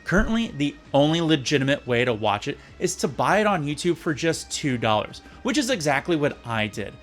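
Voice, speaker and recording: Male video reviewer, sarcastic jokes, slightly high, lively pitch, faint music under. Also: a little fast. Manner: sarcastic, jokey, animated. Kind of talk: casual sarcastic episode review.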